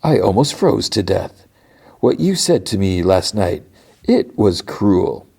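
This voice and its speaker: A man's voice: on the low side, big pitch swings, takes it slowly, vocal fry, dark tone, husky, exaggerated voice. A man reading out the lines of an agitated middle-aged male office worker while retelling an episode, half-acting them. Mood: accusing. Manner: quoted lines in a recap, half-acted.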